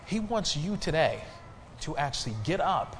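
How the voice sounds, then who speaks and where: Animated male preacher in a reverberant church. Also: a little high, soft background music. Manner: preaching with rising emphasis and call-and-response pauses. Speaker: pastor. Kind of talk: sermon. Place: church sanctuary.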